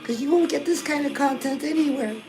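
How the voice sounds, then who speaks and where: A woman playing a gushing high-voiced girl-guru. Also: fairly quick, low-quality recording. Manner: gushing, chatty, keeps addressing the viewer as girl. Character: chirpy self-styled woman lifestyle guru, gushing, pushy. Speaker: host. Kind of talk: comic character monologue to camera. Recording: music playing loudly under the voice. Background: music.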